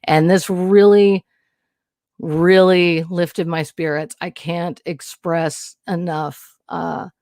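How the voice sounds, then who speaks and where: A woman's voice: on the low side, steady tone, takes it slowly, a little mellow, no room sound, studio quality. A woman hosting a casual livestream, talking candidly and rambling, nervous and emotional. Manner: rambling, candid, frequent restarts and swearing. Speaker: livestream host. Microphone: new studio mic.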